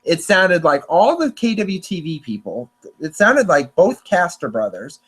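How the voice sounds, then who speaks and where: A young adult man hosts a podcast, casually chatting about storm forecasts. His voice is on the high side, husky and a bit bright, very animated yet a little slow. He rambles, often restarting and correcting himself.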